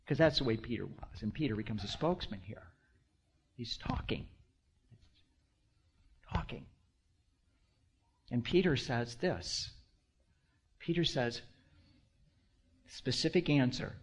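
A man in his sixties, a pastor, preaching a sermon with rhetorical questions to the congregation, swinging between hushed asides and loud emphasis. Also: fairly high pitch, animated, unhurried, pauses often, slightly rough. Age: 60s.

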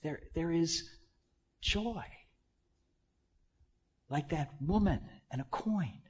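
A man preaching a sermon, leading the congregation in call-and-response and swinging between loud exclamations and hushed asides. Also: fairly high pitch, lively intonation, drawn-out words, breathy edge, muffled recording.

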